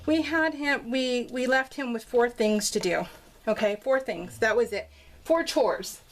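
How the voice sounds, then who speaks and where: A middle-aged woman chats as she works on a scrapbook at home. She tells a family story in a rambling, laughing way, full of restarts, and her voice sits a little high. A faint hiss and a few soft clicks sit behind her. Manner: chatty, laughing, restarts a lot, acts out quotes. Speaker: scrapbooking vlogger. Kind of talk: casual storytelling over a craft process video. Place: home craft room with dogs nearby.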